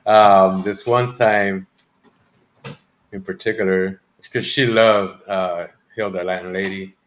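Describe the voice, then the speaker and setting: A man telling a story on a group call, rambling and halting, laughing as he goes. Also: low-pitched, steady tone. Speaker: streamer guest. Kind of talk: casual group call chat.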